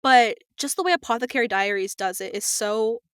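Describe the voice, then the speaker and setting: A woman voice actor chatting as a podcast guest, lively, playing out quoted voices and laughing often. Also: a little high, fairly quick, clear, resonant tone, dry recording, studio quality. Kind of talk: casual podcast interview.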